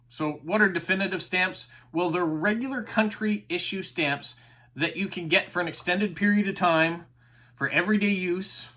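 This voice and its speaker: Bright, upbeat stamp-channel host man. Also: high voice. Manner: enthusiastic, chatty, says uh often. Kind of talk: casual explanatory chat to camera.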